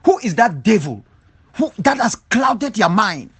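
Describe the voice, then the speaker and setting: A man's voice: high-pitched, very animated, measured pace, breathy edge. A man from southwest Cameroon, an independence leader giving an impassioned spoken rebuttal, emphatic and full of repeated rhetorical questions. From Cameroon, southwest region.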